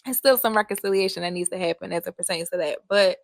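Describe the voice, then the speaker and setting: A woman's voice: on the low side, fast talker, creaky, dry recording, clean studio sound. A woman hosting her own podcast, talking in a raw, emphatic solo monologue, swearing often and hammering repeated phrases. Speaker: podcast host.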